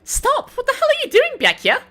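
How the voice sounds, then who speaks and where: A furious character, as a woman acts it out yells in a shrill, strained voice pitched far above her own. It is loud and high, with a wide swing. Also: wildly swooping pitch, brisk, full character voice. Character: furious character shouting at someone. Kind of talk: voice acting practice on stream.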